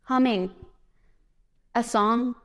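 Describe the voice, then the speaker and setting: A woman's voice: on the high side, drawn-out words. A woman giving a casual, upbeat motivational talk to a live audience at a conference, chatty and full of fillers, guiding the room through breathing exercises. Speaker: motivational speaker. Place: conference presentation.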